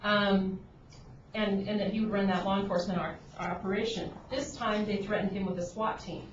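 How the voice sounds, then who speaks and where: A woman's voice: medium pitch, fairly even intonation, moderate pace. A woman on an agriculture board giving earnest, pointed, unscripted remarks at a public meeting, with frequent restarts. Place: conference room at a government meeting. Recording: dull, noisy, roomy audio from a distant room mic.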